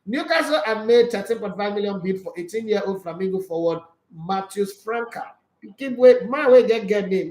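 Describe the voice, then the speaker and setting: A Nigerian man with a high-sitting, expressive, darkish voice reads football transfer news at normal speed, chatting casually about it with opinionated remarks, pidgin jokes and frequent laughter. The sound is roomy.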